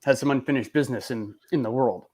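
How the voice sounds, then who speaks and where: A man's voice: mid-range voice, fast, darkish tone, husky. A man hosting a live beer-review stream, talking in a chatty, rambling way. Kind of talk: casual live-stream chat.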